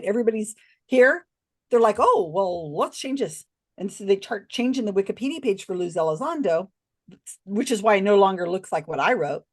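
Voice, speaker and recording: A woman guest on a podcast, telling a story expressively with many restarts and asides. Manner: expressive, swings pitch widely when recounting others; talks in quick restarts and asides. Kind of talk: animated storytelling in a casual interview.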